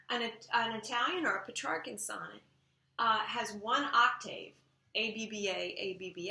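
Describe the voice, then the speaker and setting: A woman teaching a high school English class, lecturing in a conversational way and checking in with "okay?". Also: creaky, sharp tone, reverberant. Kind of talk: recorded lecture to students.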